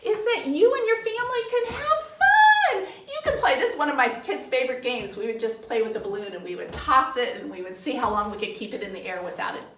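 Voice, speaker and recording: A middle-aged woman teaching young children in an animated, sing-song way, acting out little family dialogues. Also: a little high, quick pace, hardly any pauses, a little hiss or hum. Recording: roomy, from some distance off the mic.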